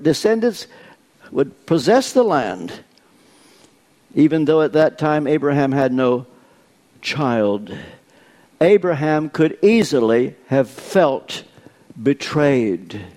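An older man in his eighties preaching a sermon, deliberate and posing rhetorical questions to his congregation. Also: fairly high pitch, expressive, darkish tone. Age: 80s.

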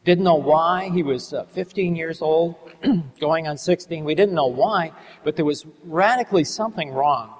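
A middle-aged man speaking from the pulpit in a fairly high voice, earnest and measured. He slows down to stress key words. His voice carries a long reverb, as in a large hall. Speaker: Christian ministry speaker. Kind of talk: sermon with a storytelling testimony.

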